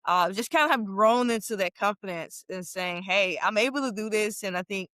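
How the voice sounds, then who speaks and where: A lively woman from Memphis, USA, speaks clearly in a mid-range voice at normal speed, with no echo. A former football captain appearing as a guest, she tells stories in a casual interview and laughs often.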